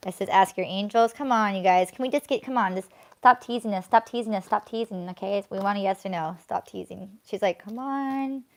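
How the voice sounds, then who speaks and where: A young woman streaming a live tarot reading, talking casually as she shuffles and draws cards. Her pitch sits in the middle of a woman's range, and she stretches words out between bursts of excitement. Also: vocal fry. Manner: chatty, drawn-out, breaks into excited squeals. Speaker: tarot card reader.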